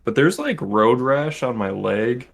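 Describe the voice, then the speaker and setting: A young man co-hosting a podcast, recounting a trip in a relaxed, matter-of-fact way. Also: medium pitch, unhurried, creaky. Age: young adult. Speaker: podcast co-host. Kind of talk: casual chat.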